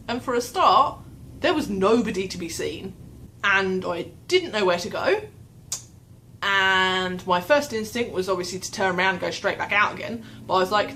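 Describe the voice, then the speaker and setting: A woman's voice: fairly high pitch, slight background noise, low-quality recording. A young woman telling a long, rambling, self-mocking story, acting out her own anxious thoughts. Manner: rambling, self-mocking, animated retelling with quoted inner voice. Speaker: vlogger. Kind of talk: casual storytelling vlog.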